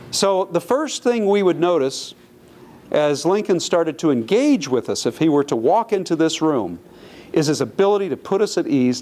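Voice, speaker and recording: A man's voice: fairly high pitch, a little mellow. Chatty storytelling male lecturer. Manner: conversational, anecdotal, self-correcting. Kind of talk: public lecture. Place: lecture hall.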